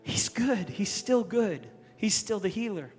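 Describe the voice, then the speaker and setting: A male pastor voicing a grieving, gentle man of faith, speaking quietly and tenderly. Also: sits high, lively intonation, unhurried. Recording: echoey hall with music underneath.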